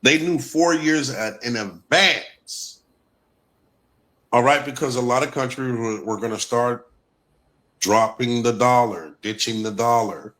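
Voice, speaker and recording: A man's voice: medium pitch, unhurried, fairly bright tone. A man giving an emphatic livestream talk, repeating key points with a Black lilt. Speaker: guest presenter.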